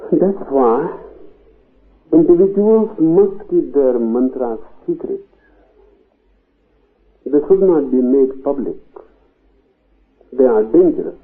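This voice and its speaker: Male spiritual teacher, very slow, measured discourse; thin phone-like archival recording. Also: medium pitch, lively intonation. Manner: slow and deliberate, long pauses, emphatic rises on key words. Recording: tinny phone-like old tape.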